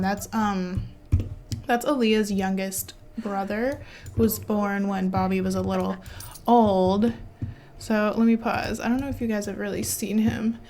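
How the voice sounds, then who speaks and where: A woman hosting her own gaming channel, chatting casually over gameplay in an excitable way and laughing often. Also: medium pitch.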